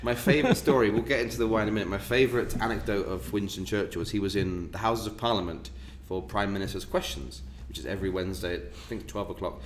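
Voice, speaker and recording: A man's voice: fairly low pitch, quick pace, few pauses, reverberant, slight background noise. A man co-hosting a casual online wine tasting, a jokey, chatty storyteller. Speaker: wine shop co-host.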